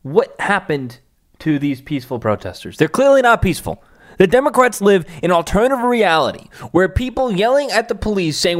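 High, lively-voiced man giving blunt commentary. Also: a little fast. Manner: scornful, blunt, mocking. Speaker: political commentary host. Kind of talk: opinionated commentary over clips.

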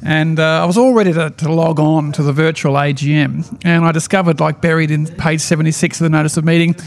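An Australian man with a somewhat high, gravelly voice co-hosts a casual finance chat. He tells stories fast and animatedly, dropping wry asides along the way. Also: fairly even intonation. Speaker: podcast co-host, shareholder activist.

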